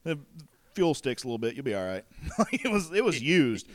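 A man's voice: mid-range voice, very animated, normal speed, dry recording. A young adult man in casual chat, telling a story in a laid-back way with crude jokes and easy laughs.

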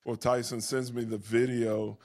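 A man's voice: medium pitch, level tone, measured pace, a little mellow, no room sound, studio quality. A middle-aged man hosting a podcast, a former pro football player, chatting in easygoing, teasing banter. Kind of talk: casual podcast chat.

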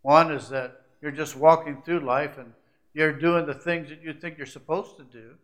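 Male preacher, higher voice, bright and forceful; moves between hushed asides and building climaxes. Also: steady tone, normal speed. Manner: swings from hushed, confiding asides to rising, emphatic climaxes; repetitive, building lists of short phrases. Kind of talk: sermon.

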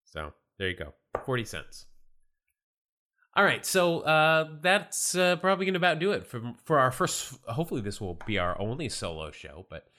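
A man hosting a casual podcast on his own, talking in a relaxed, chatty way with many fillers and restarts, his voice worn from being sick. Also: mid-range voice, normal speed. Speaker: podcast co-host. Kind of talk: casual solo podcast talk about baseball cards.

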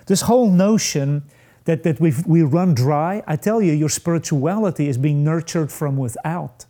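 A man preaching a sermon, slow and emphatic, with dramatic pauses and rising peaks. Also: fairly high pitch, dark tone.

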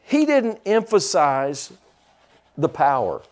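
A middle-aged man preaching a sermon, lively with teasing humor and asides. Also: fairly high pitch, slow. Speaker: pastor.

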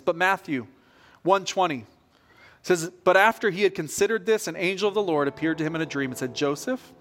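A man with a bright, high-pitched voice preaching a sermon. He tells stories with lively energy and acts out the people in them, then drops to a low, earnest tone to press a point home. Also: brisk. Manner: storytelling, acts out quoted voices with rising energy. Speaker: pastor.

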